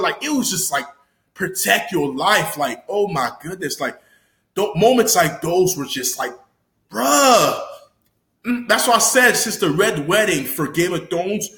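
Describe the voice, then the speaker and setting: A young man giving an excited, slangy recap of a TV episode, swearing freely and breaking into loud exclamations. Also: high-pitched, reverberant. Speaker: YouTuber reviewing a TV episode.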